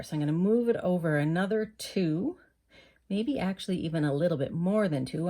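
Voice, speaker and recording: A woman from Canada hosts a hands-on paper crafting tutorial, narrating each step as she works. Her voice sits a little low for a woman, and her delivery is friendly and explanatory.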